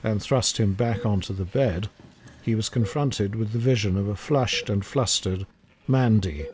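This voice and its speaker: Grave, low-voiced male narrator. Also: a little mellow. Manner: measured, grave storytelling. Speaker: audiobook narrator. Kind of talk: scripted narration.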